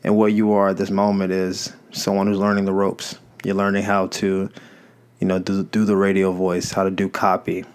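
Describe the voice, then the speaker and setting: A man's voice: low voice, darkish tone. A young man hosting a podcast, talking in a casual, reflective monologue that rambles and corrects itself. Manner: conversational, rambling, self-correcting. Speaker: podcast host. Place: Los Angeles.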